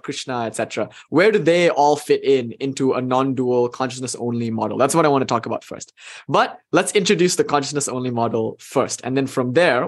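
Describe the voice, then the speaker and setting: Over a video call, a medium-pitched man delivers a live online lecture as a spiritual teacher. He sounds enthusiastic and conversational, dropping "you know" frequently.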